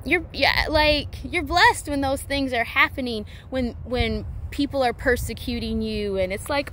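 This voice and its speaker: A woman giving a casual spiritual talk, rambling with many fillers and restarts, playful and animated. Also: high voice, unhurried, few pauses, slight background noise. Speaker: spiritual teacher.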